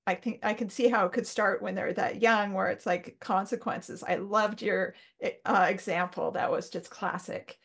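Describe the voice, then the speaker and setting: A woman's voice: mid-range voice, fairly even intonation, normal speed, creaky, few pauses. A woman hosting a podcast, chatting casually and affirming her guest before asking her next question. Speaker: podcast host.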